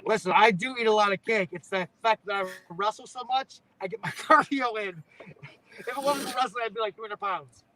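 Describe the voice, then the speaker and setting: Rambling through a relaxed interview, this young pro wrestler keeps adding "you know what I'm saying." His high voice is pushed and bright, he speaks a little fast, and the recording quality is rough.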